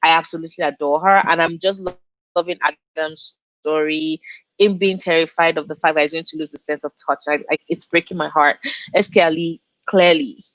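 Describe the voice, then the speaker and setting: A woman's voice: deep voice, steady tone, brisk, a bit bright, rough recording. A young woman from Nigeria hosting a casual book livestream, reading the chat aloud and gushing back at her viewers. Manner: effusive, reads out chat and gushes, frequent laughs. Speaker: booktube livestream host.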